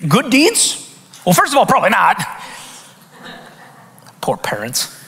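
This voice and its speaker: A man preaching a conversational sermon as pastor, with lively rhetorical questions and frequent restarts. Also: sits high, unhurried, gravelly. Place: church sanctuary. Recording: hall reverb in a church.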